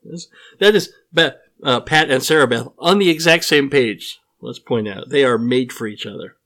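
A man's voice: mid-range voice, moderate pace, a bit bright. Brief: male podcast host, jokey and teasing, mid-range voice, casual reads. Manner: playful, jokey, reads listener answers aloud.

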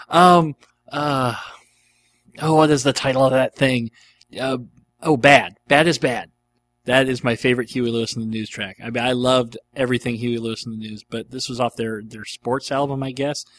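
A middle-aged man hosts a casual podcast answering listener questions, enthusiastic and rambling with many ums and uhs. His mid-range voice has fairly even intonation and a fairly bright tone at normal speed.

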